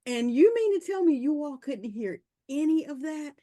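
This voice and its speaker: A woman joining a casual group video call, telling a story in an expressive, animated way. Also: high-pitched, normal speed. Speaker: call participant. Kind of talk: casual chat.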